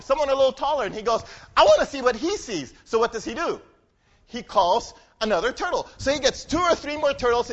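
Man, children's church talk, very high lively voice, quizzing kids, dull lo-fi recording. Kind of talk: children's message with a game and story.

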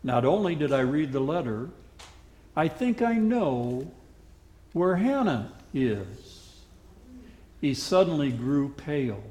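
A male pastor telling a story in a sermon, animated and dramatic. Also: fairly high pitch, takes it slowly, long pauses, roomy sound.

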